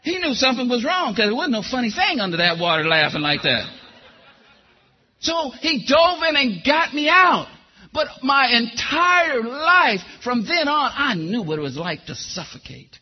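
A man's voice: very high-pitched, very animated, normal speed, slightly rough, dull audio. A man preaching a sermon and giving a testimony, calling listeners by name and asking them questions.

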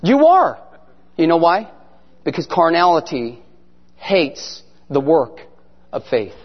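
A man giving an animated testimony sermon as a guest speaker, telling his story and sometimes shouting prayers. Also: a little high, slow, slightly rough. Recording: echoey hall, muffled sound.

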